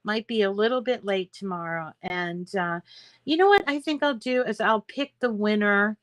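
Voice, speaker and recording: A woman's voice: mid-range voice, moderate pace, dry recording. A middle-aged woman, chatting casually with live viewers as a craft show host, rambling and reading out comments.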